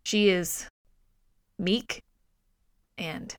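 A woman's voice: lowish voice, very slow, clear, resonant tone, no room sound, clean studio sound. Profane exasperated woman recapping a movie. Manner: profane, exasperated, animated retelling. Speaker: podcast co-host. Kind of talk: casual movie review chat.

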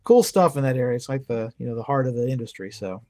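American male guest in his middle years, rapid and enthusiastic delivery. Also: mid-range voice, animated, a little mellow. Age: middle-aged. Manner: fast, enthusiastic, chatty. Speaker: podcast guest. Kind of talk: casual chat.

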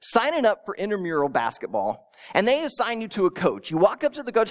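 A pastor preaching a sermon, telling it with animated storytelling and acting out imagined listeners, with small stammers. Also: mid-range voice, fast talker. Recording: long reverb in a large hall.

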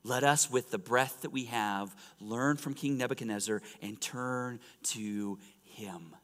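A male pastor preaching a sermon, swinging from loud exclamations to hushed, almost whispered lines. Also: mid-range voice, a little slow. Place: church sanctuary. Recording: reverberant church sanctuary.

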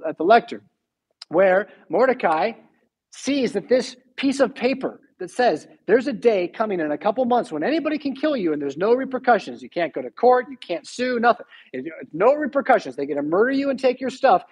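A pastor delivering a sermon in a husky voice, pitched high for a man. He drives his points home emphatically and keeps asking his listeners rhetorical questions. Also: darkish tone, rough recording.

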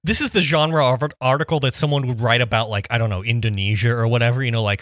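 A man's voice: medium pitch, quick pace, fairly bright tone, dry recording, clean studio sound. A man co-hosting a casual comedy podcast, sarcastic and wry, often reading quotes aloud in a mocking tone. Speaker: podcast co-host.

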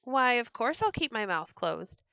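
A woman's voice: on the high side, very animated, measured pace, gravelly, sharp tone, clear, resonant tone, no room sound, exaggerated voice. A woman voicing a talkative, eager male turtle in a storybook reading.

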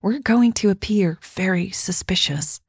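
A woman narrator voicing a soft-spoken, urgent soldier woman in hushed, half-whispered lines. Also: mid-range voice, measured pace, creaky, husky, no room sound, clean studio sound, heavily acted.

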